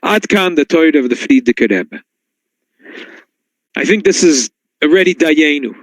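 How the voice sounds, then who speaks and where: Rabbi guy giving a torah talk, kinda high voice, dry close sound, jumps way up when he quotes stuff. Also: dry recording, rough recording. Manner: storytelling, swings to high excited tones when quoting. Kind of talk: Torah class sermon. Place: synagogue.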